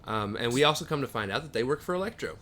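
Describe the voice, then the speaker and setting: A man's voice: medium pitch, animated, racing, fairly bright tone, a little hiss or hum. A man co-hosting a podcast, casually recapping comic book plots at length with dry jokes. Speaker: podcast co-host.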